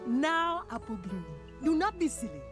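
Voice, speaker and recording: A woman's voice: high voice, sing-song, normal speed, soft background music. A woman voicing a wise female zebra healer in a cartoon, speaking in a sing-song rhyming way. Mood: kindly.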